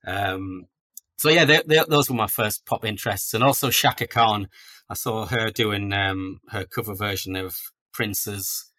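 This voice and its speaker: Man in his forties, podcast guest, bright low voice, anecdotal and self-deprecating. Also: a little slow. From North East England. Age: 40s. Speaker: guest author. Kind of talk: casual podcast interview.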